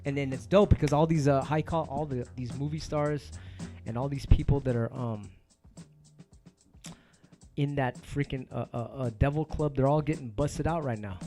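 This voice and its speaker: A man's voice: medium pitch, normal speed, music in the background. A man hosting his own stream, ranting casually to viewers in heated, profanity-laced street slang. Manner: emphatic, heated. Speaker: DJ and stream host.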